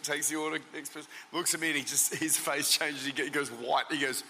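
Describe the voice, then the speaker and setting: A man who is a traveling preacher and senior pastor, telling stories as an interview guest in a lively way, often restarting and repeating words. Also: fairly high pitch, fast, hardly any pauses, in a large hall, noisy background.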